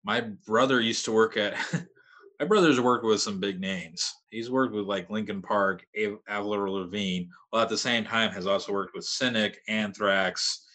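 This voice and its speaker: A metal vocalist in his thirties, appearing as a podcast guest, tells stories in a rambling, laid-back chat. His voice is on the low side with a sharp tone, at a moderate pace.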